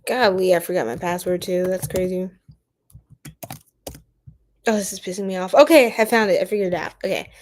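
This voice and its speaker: A woman giving a casual live-stream tarot reading, chatty and animated, saying "like" often and talking to her viewers in the chat. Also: fairly low pitch, a little fast, pauses often, a little hiss or hum.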